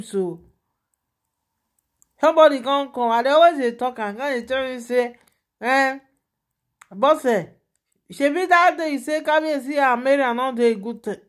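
Nigerian lady dishing celeb gossip on her channel, chatty, laughs a lot, kinda high voice. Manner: chatty, animated, laughs often. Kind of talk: casual gossip monologue.

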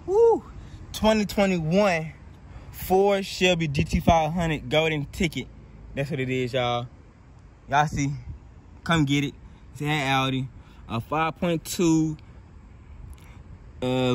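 Young man, Southern US accent, slangy excited car vlog, outdoors, faint street noise. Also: mid-range voice. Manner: excited, loose slangy chatter to viewers. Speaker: car vlogger. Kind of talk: casual walkaround car vlog. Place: outdoor car lot, hot day.

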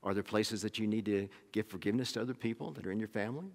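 Pastor preaching in a reverberant sanctuary. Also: male voice, fairly low pitch, rapid-fire. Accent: Oklahoma. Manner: conversational storytelling with frequent restarts. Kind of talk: sermon. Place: church sanctuary.

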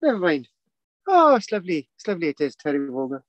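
A man's voice: high-pitched, normal speed, bright, forceful tone, no echo, highs cut off. A man putting on a cheeky, rambling stage Irishman, playful and stammering in a sing-song comic way. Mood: jokey.

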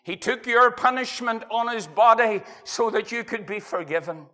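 A middle-aged Northern Irish preacher with an unusually high, bright and forceful voice. He delivers an impassioned evangelistic sermon in a church hall, rising loud and then dropping to a hush. He quotes scripture in old-fashioned phrasing. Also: normal speed. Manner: impassioned revival preaching, swinging from loud to hushed.

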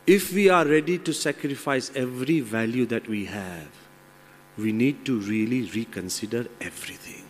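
A man's voice: mid-range voice, moderate pace. A man, a monk and motivational speaker, telling a fable with moralizing asides. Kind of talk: motivational talk with a told fable. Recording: long hall reverb.

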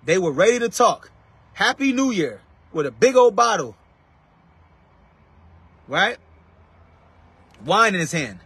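A man's voice: high-pitched, very animated, measured pace, pauses often, fairly bright tone, breathy edge, no echo. A man preaching to his online viewers from inside a car, emphatic and calling out to them by name. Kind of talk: casual live-stream preaching.

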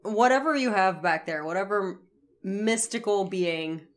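Female podcast co-host, mid-pitched, casual and talkative, laughs often. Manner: chatty, quick to laugh. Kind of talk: casual chat recapping a TV episode.

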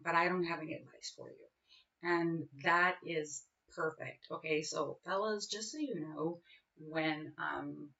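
A woman's voice: sits low, vocal fry, fairly bright tone, far from the mic, dull audio. A woman in her forties in a casual personal vlog, talking in a rambling way with many fillers and restarts. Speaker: vlogger.

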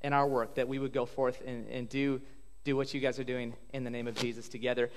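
A pastor on a church stage interviewing guests in an upbeat, joking way, halting with fillers. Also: male voice, mid-range voice, flat delivery, smooth. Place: church sanctuary. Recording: long hall reverb.

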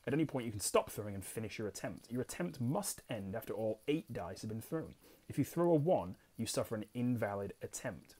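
A man's voice: mid-range voice, animated, fairly quick, dark tone, breathy edge. A young Englishman hosting a board game channel, reading rules aloud and chatting casually about his solo play in a self-deprecating way. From England. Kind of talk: casual solo gameplay commentary.

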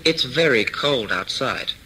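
A man's voice: mid-range voice, lively intonation, measured pace, sharp tone, a little hiss or hum, rough recording. Man reading as a polite woman shopper.

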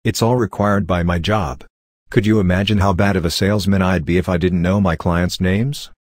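A man voicing a mysterious salesman who speaks in a velvety smooth, calm and formal way. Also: sits low, moderate pace, no room sound, clean studio sound. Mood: polite. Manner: calm, formal, politely probing.

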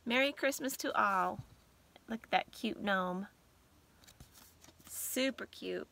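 A woman vlogger chatting casually, gushing and sentimental as she talks, sometimes reading aloud haltingly. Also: medium pitch, animated, gravelly, pushed and bright. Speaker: vlogger host. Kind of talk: casual vlog chat.

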